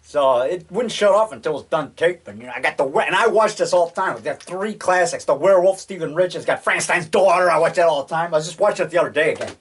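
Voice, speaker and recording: A man's voice: a little high, lively intonation, fast talker, few pauses, husky. Rambling chatty man in his sixties. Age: 60s. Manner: rambling, chatty, keeps adding "man" and "you know". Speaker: filmmaker showing his collection. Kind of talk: casual show-and-tell monologue. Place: at home.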